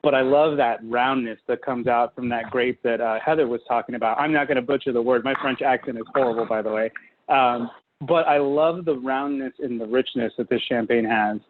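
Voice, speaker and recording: A man's voice: mid-range voice, brisk. Guest chef, man, from California, casual and filler-heavy; thin phone-like audio. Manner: chatty, filler-heavy, enthusiastic. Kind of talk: casual video-call chat. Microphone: video call. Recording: tinny video-call audio, faint hiss.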